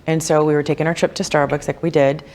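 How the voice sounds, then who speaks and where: A woman, a wealth coach, telling personal stories in a casual podcast interview, animated and chatty, with lots of "like" and "you know.". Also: quick pace. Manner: animated, acts out quoted voices with big pitch jumps.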